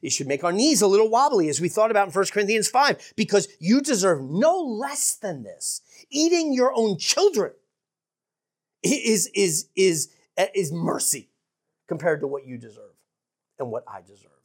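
A woman preaching a sermon in an earnest, emphatic way, dropping to hushed asides for effect. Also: medium pitch, sing-song, normal speed, husky.

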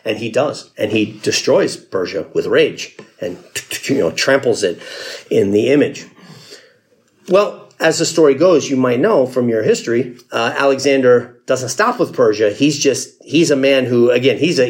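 A man preaching a sermon in a conversational storytelling way, acting out the people in the story. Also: mid-range voice. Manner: conversational storytelling, acts out quotes with laughs. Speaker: pastor.

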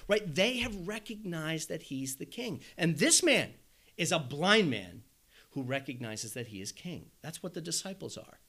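A male preacher delivering a sermon in a high, bright voice that swings widely in pitch. He leans on rhetorical questions and dramatizes the lines he quotes. His delivery is lively and full of emphasis. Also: a little slow, husky. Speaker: pastor.

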